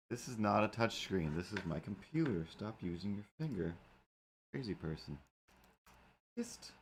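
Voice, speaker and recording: A man hosting a casual livestream, rambling and talking to his streaming software and his animated cat helper. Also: fairly low pitch, normal speed, gravelly, pauses often, a little hiss or hum. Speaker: livestream host and cartoonist.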